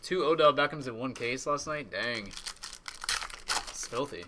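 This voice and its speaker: A man's voice: medium pitch, normal speed, pushed and bright, a little hiss or hum. A man casually reading out trading cards as he opens packs on a live stream. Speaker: card box breaker. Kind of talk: live-streamed card break commentary.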